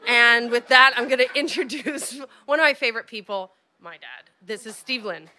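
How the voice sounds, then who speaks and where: A woman's voice: on the high side, moderate pace, background noise. A woman on stage introducing her father as the next storyteller. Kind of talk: live storytelling.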